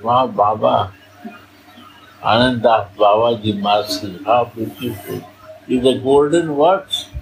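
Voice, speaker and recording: Man, spiritual teacher, halting and repetitive, echoey room, faint background hum. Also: mid-range voice, vocal fry. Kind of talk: devotional class explanation.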